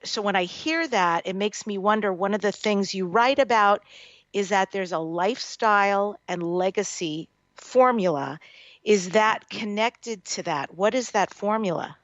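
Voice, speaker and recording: A woman's voice: mid-range voice, unhurried, dry recording. Female radio host, engaged and encouraging; slightly muffled, dry recording. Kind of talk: interview hosting.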